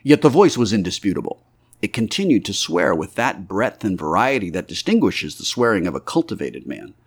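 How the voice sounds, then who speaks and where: A man narrates a classic novel in a steady, expressive reading. His voice sits a little low. He carries the prose at an even, storytelling pace. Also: a little fast, breathy edge. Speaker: audiobook narrator.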